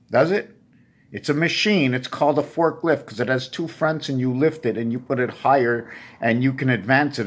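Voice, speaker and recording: A man talking alone in a rambling monologue, jumping between puns and asking himself questions as he goes. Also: mid-range voice. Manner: free-associating wordplay, questions to himself. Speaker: vlogger.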